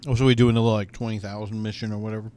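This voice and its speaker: A man's voice: on the low side, little pitch movement, very fast, darkish tone, smooth. A man giving casual, rambling commentary while playing a video game, thinking aloud with many fillers and restarts. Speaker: gaming YouTuber.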